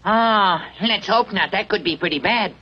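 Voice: medium pitch, normal speed, breathy edge, lightly acted. An actor playing a fussy, easily alarmed ship's doctor in an old cartoon dub. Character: fussy male ship doctor. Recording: dull old dub with music.

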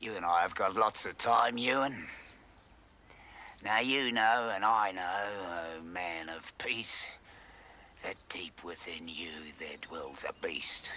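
An actor playing a fierce, bullying rugby coach, gruff and shouting orders. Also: male voice, fairly low pitch, slow pace, a little hiss or hum. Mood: taunting. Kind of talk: film acting.

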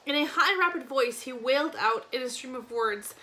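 A woman reading a novel aloud in an expressive storybook narration. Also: high-pitched, moderate pace, rough recording. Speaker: reader.

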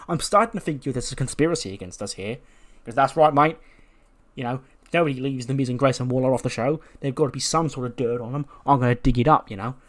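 A man's voice: medium pitch, close to an everyday voice. A man voicing a cocky male wrestler ranting indignantly that he has been left off the show.

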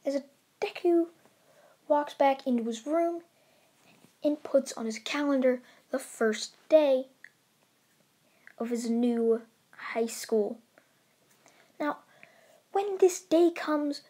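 A woman tells a fan-made anime story in a loose, rambling way, full of restarts and fillers. Her voice is high and somewhat husky. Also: warm tone. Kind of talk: casual fan-fiction narration.

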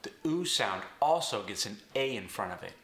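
Guy teaching sounds step by step, low and bright, roomy echo. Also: expressive, moderate pace. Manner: clear step-by-step instruction. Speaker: accent coach. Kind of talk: instructional explanation.

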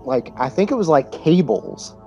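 A man's voice: mid-range voice, big pitch swings, moderate pace, creaky, darkish tone, lo-fi sound, soft background music. A man co-hosting a casual movie podcast, laid-back, recapping the plot with dry asides. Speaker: podcast co-host. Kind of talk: casual movie chat over beer.

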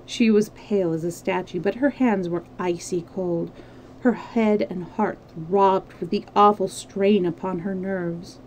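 A woman reading a classic novel aloud as a storyteller, steady with small slips and restarts. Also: mid-range voice, measured pace, slight background noise, poor audio.

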